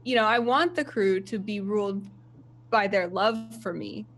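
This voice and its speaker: A woman voicing a vain, imperious female ship captain who speaks in measured, self-important phrases. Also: medium pitch, fairly bright tone. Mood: haughty.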